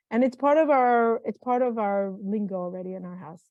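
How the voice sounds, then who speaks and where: A woman's voice: medium pitch, fairly quick, no room sound. A middle-aged woman speaking as a guest in an interview, talking in an earnest, heartfelt way and often repeating and restarting her phrases. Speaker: guest, mental health consultant. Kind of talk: reflective interview conversation. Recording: dull, dry sound.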